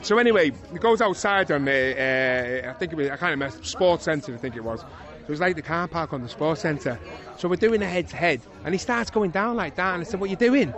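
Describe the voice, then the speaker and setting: Retired boxer, Liverpool man, middle-aged, rapid lively anecdote delivery, slightly higher voice. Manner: lively storyteller, chuckling, swears oaths. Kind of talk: casual interview anecdote. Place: outdoors at an evening boxing event.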